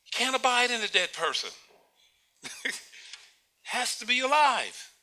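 A male preacher in mid-sermon with a high, piercingly bright voice. He keeps asking his listeners rhetorical questions and stumbles over repeated words. He often lets out a short chuckle at his own points. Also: big pitch swings, measured pace.

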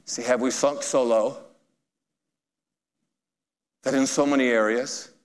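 A man preaching a sermon, telling a story with animated, chuckling emphasis, heard in an echoey hall. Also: mid-range voice, slow pace.

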